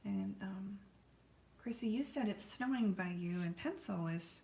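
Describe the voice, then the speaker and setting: A woman's voice: medium pitch, unhurried, vocal fry, mellow, roomy sound, a little hiss or hum. An American woman hosting a live painting stream from her art studio, chatting and rambling in a friendly way to viewers as she paints. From United States.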